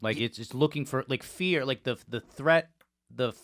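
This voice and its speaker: A man's voice: medium pitch, moderate pace, fairly bright tone, dry recording. A young man co-hosting a podcast, explaining things in a rambling way and swearing casually. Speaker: podcast co-host.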